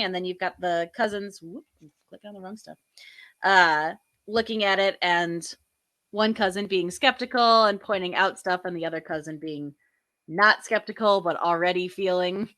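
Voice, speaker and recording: A woman co-hosting a casual chat about her sketches, animated and acting out quotes in playful voices. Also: medium pitch. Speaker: podcast co-host and sketch artist.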